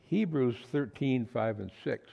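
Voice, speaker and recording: A man's voice: medium pitch, expressive, unhurried, creaky, dark tone, muffled recording. A man preaching a sermon to a small fellowship, earnest and emphatic, often repeating words for stress. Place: small fellowship meeting room.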